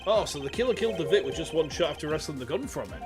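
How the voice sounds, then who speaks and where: A man voicing a gruff, loyal male police detective from a game, talking low and calling everyone "pal". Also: expressive, racing, music in the background, natural voice.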